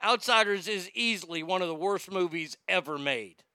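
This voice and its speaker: A man hosts a talk podcast with a bright, forceful voice that is smooth and resonant. He reads listener comments and rants bluntly with plenty of swearing, jumping from loud outbursts to low muttering. The sound is dry and close. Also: expressive, normal speed, no room sound. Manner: blunt, profane ranting. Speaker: podcast host. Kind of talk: casual chat reading listener comments.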